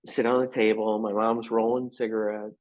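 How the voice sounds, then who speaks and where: A man's voice: fairly low pitch, level tone, moderate pace, darkish tone. A man chatting as a podcast guest, telling rambling stories with lots of fillers and frequent laughs. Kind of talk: casual storytelling chat. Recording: muffled lo-fi podcast audio.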